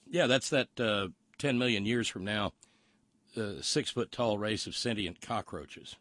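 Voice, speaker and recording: Sardonic low-voiced talk radio host. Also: male voice, measured pace, fairly bright tone, dry recording. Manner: profane, mocking, reads listener messages aloud. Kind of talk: sardonic commentary over press briefing clips.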